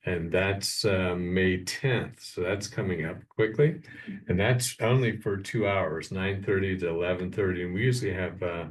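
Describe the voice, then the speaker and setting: Midwestern American man, very low voice, halting commissioner, heard off-mic. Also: far from the mic. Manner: halting, many uhs and ums. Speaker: county commissioner. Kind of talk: public meeting announcements. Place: county government meeting room.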